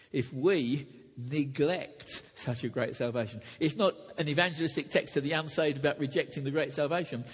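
Male preacher, earnest sermon delivery, husky tone, long hall reverb. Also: on the high side, a bit bright. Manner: earnest, with frequent restarts and rising emphatic peaks.

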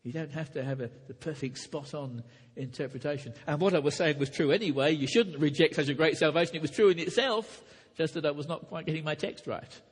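A man preaching in a large church hall, his slightly raised voice husky and edged with breath. He speaks earnestly, restarts phrases, and climbs to emphatic peaks. A long reverb trails each line. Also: on the high side, fairly quick, few pauses. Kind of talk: sermon to preachers.

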